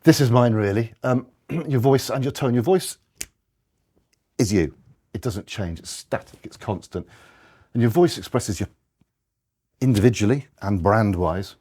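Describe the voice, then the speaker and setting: Speaking to an audience over slides, this man keeps things conversational but rambling, with frequent restarts and self-corrections. His voice sits on the low side and has a warm tone.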